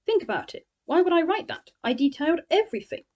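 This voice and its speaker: A calm male killer talks in a clinical, methodical way, sure he is obeying orders from the future. A woman reads him aloud, with the rise and fall of her own lively reading voice. He sounds like a character in a spoken book review. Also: extremely high pitch, fast, dull audio, voice pushed up.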